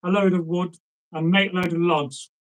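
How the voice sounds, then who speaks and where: A man's voice: high-pitched, level tone, normal speed, close to an everyday voice, rough recording. A man voicing a timid, eager young Viking son who stammers earnestly.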